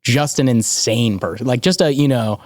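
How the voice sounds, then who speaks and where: A man from Canada co-hosting a podcast, telling stories in an animated, laughing way. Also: mid-range voice, normal speed, no room sound, clean studio sound. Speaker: podcast co-host. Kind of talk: casual chat.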